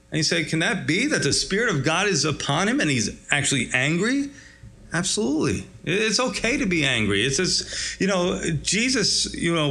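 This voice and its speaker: Guy preaching a bible sermon, kinda high voice, chatty, acts out the lines. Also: a bit bright. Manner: conversational, acts out quotes, chuckles. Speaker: pastor. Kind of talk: expository sermon.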